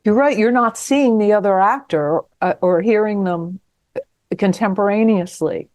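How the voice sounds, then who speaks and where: A woman's voice: medium pitch, measured pace, darkish tone, no room sound. Woman host asking engaged questions. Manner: engaged, asks follow-up questions. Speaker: show host. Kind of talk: interview.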